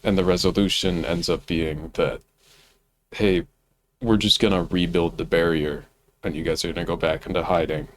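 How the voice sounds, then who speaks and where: A man's voice: deep voice, steady tone, moderate pace, slight background noise. A man co-hosting a podcast in casual fan chat, laid-back and swearing freely. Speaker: co-host.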